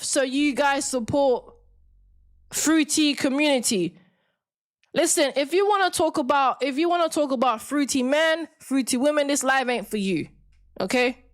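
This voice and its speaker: A woman hosting a live-stream debate, talking in a combative, mocking, lecturing way to her viewers. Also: high-pitched. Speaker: livestream debate host. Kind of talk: confrontational live-stream rant.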